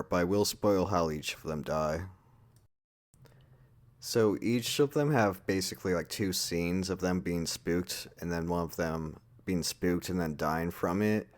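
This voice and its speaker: Deep-voiced man ranting casually. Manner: rambling, crude, heavy swearing and filler words. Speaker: movie reviewer. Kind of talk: casual spoken movie review.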